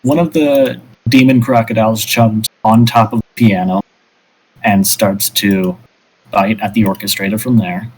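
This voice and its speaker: A man narrating as game master of a tabletop game, in a relaxed, hesitant way. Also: on the low side, unhurried, husky, poor audio.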